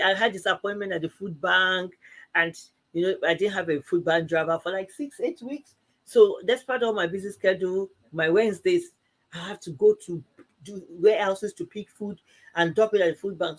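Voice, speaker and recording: A woman co-hosting a live church talk show, telling a personal story with plenty of energy. She laughs easily and voices both sides of each exchange she recounts. Her voice sits at a middling pitch. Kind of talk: casual conversational storytelling.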